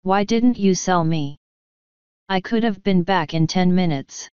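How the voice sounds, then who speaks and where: A woman voicing a sly, scheming male tomcat in an audiobook, wheedling and talking in quick asides. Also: fairly low pitch, darkish tone, clean tone, no room sound, highs cut off, close to an everyday voice. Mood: grumbling. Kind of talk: audiobook character voice.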